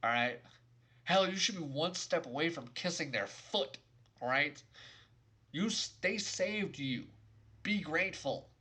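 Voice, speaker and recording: A man's voice: fairly high pitch, animated, measured pace, pauses often, pushed and bright, husky. A young adult man giving an exasperated, sarcastic, emphatic rant in a video game review.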